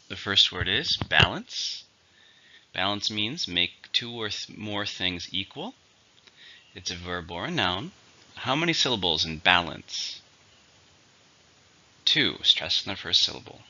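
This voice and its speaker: Male English teacher, bright tense voice, dull lo-fi sound, clear drilling delivery. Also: low-pitched, big pitch swings. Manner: clear, slow drilling of words and stress. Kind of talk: vocabulary lesson. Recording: dull lo-fi recording.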